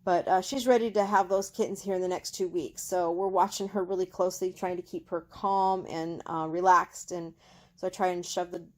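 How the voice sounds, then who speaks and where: An older retired woman, a home crafter and small-business owner, chats in a casual home vlog shot on a handheld phone in her living room. She rambles chattily with many fillers and restarts, in a lowish, brisk, slightly mellow voice with fairly even intonation.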